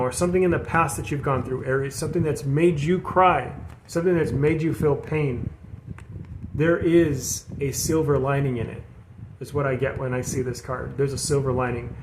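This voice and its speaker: A man's voice: on the high side, steady tone, moderate pace. A man giving a casual spiritual tarot reading, earnest and rambling, often repeating himself and calling his viewers "you guys". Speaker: tarot reader. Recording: echoey room with background noise.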